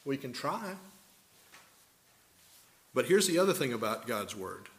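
A man's voice: medium pitch, big pitch swings, measured pace. An older man preaching a sermon, a pastor who explains scripture through folksy stories and rhetorical questions.

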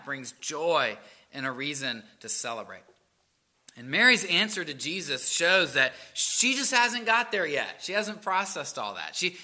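A pastor preaches to his congregation in a strikingly bright, forward voice set a little high. He is earnest, lifting and dropping his delivery to stress each point. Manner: earnest, rising and falling for emphasis. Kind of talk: sermon.

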